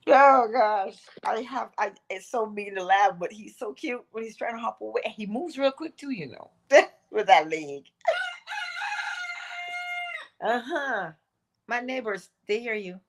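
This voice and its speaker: A woman hosting an inspirational morning livestream, talking in an animated, emphatic way and laughing often. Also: medium pitch, unhurried, long pauses. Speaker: host.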